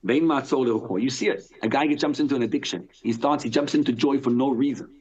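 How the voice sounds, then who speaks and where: A male rabbi with a medium-pitched, slightly rough voice teaches a live Torah class quickly and animatedly. He asks his own questions, answers them, and reads Hebrew text aloud, all captured with dull lo-fi sound.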